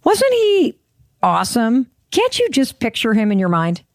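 A woman's voice: fairly high pitch, wildly swooping pitch, measured pace, dry recording, clean studio sound. A woman hosting a podcast, speaking in an encouraging, playful way and laughing easily. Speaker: podcast host. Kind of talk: podcast interview and sign-off.

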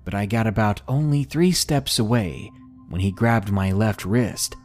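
A man narrating a scary story in slow, expressive storytelling. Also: fairly low pitch, faint music behind. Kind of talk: scripted horror story narration.

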